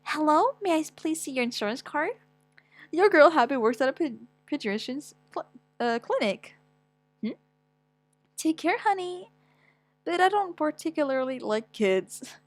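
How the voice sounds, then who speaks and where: A young woman reading a manga aloud with dramatic, stammering delivery and wailing outbursts. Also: dry recording. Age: young adult. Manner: animated, quick pitch swings, stammers, whiny wails. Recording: dry close mic with faint music.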